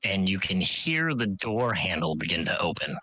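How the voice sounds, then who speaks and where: A man's voice: low-pitched, moderate pace, no room sound, poor audio. A man running a tabletop game, narrating casually with many fillers. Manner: relaxed, filler-heavy, improvising. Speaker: game master.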